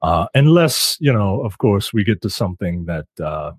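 A man's voice: lowish voice, sing-song, moderate pace, husky, no room sound. A man co-hosting a podcast in casual chat, rambling and swearing. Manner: rambling, swears, acts out quotes. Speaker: podcast co-host.

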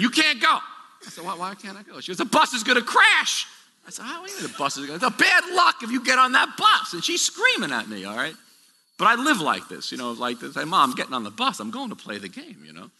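A man's voice: a little high, sharp tone, long reverb tail. A middle-aged man preaching a conversational sermon, full of restarts and asides. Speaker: pastor.

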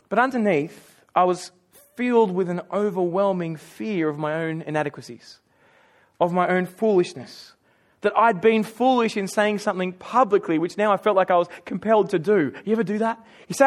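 A man's voice: high-pitched, a little fast. A man with an Australian accent preaching a sermon, telling personal stories in a chatty, self-mocking way. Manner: conversational storytelling with self-mocking humor.

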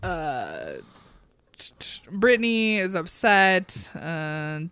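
Slow-talking sardonic woman podcaster. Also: on the low side, huge pitch swings, a bit bright, clear, resonant tone. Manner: chatty and sardonic, frequent laughs and ums. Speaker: podcast co-host. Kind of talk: casual reality-show recap chat.

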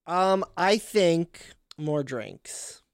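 Tabletop player, calm and formal in character, mid voice, dry mic. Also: mid-range voice, extremely slow, clear, resonant tone, no echo. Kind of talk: tabletop game chat.

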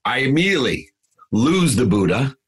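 A man's voice: mid-range voice, very animated, normal speed, slightly rough. A middle-aged man, a guest speaker, telling a motivational story in an emphatic, preachy way that repeats key words.

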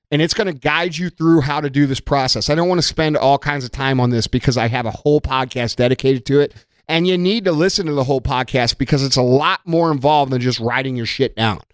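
A middle-aged man speaks in a fairly high voice and pushes his point hard, swearing freely as he lectures. The sound is dry and close, with no room around it. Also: no room sound. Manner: blunt, profane, emphatic. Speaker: podcast host. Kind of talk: motivational monologue.

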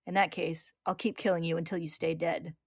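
A confident, defiant male officer in a storybook retelling, as read by a woman, delivering steady declarations. The voice is low, with a gravelly edge, close and dry. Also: a little fast, no room sound.

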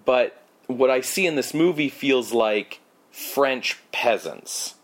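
A man's voice: medium pitch, expressive, slow. A man co-hosting a podcast, rambling through a movie recap with lots of fillers and sarcastic asides. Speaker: podcast co-host. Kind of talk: casual movie recap chat.

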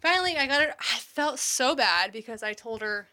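A woman in her thirties tells a family story in a casual, unfiltered way, with the odd swear word. Her voice sits a little high and sounds bright and sharp. She talks like someone catching up with a close friend. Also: expressive, moderate pace. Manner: candid storytelling with swearing and laughter. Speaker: mother telling a story. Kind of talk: casual chat.

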